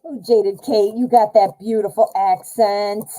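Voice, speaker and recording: A woman's voice: mid-range voice, steady tone, unhurried, mellow, rough recording. An American woman hosting a casual live tarot stream, chatty with lots of fillers and self-corrections.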